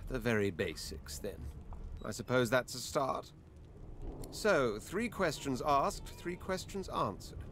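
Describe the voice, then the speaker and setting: A man's voice: mid-range voice, expressive, takes it slowly, a bit bright, a little hiss or hum. An actor playing a pompous, condescending male master in a video game. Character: haughty male master taking a slave.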